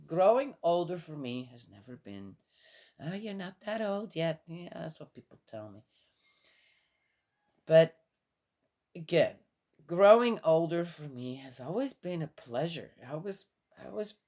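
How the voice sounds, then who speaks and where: Slow, low-voiced tired woman. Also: sing-song, dark tone. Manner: rambling, chuckles often, restarts sentences. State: a little tired. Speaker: vlogger. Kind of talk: casual morning chat.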